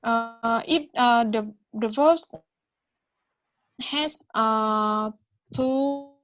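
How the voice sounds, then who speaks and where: A woman, a learner of English, answering hesitantly with many pauses and fillers. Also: on the high side, a bit bright, lo-fi sound, soft background music. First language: Vietnamese. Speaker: student.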